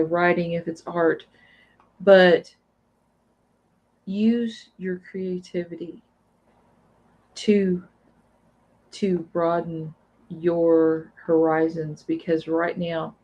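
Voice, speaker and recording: A woman guest giving an intuitive tarot reading, halting and repeating her words as she goes. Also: lowish voice, dark tone, lo-fi sound. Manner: slow, hesitant, repeats words.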